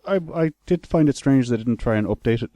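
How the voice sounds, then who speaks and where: A deadpan man co-hosts a casual review chat, murmuring agreement and dropping flat jokes. His pitch is middling. The sound is dry and close. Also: fast, dry recording. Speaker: podcast co-host.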